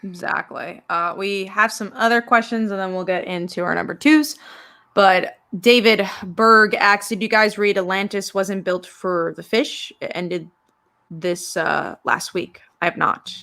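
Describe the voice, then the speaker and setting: A woman co-hosting a casual livestream podcast, relaxed as she reads out viewer questions. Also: mid-range voice, measured pace. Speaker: comic book podcast co-host.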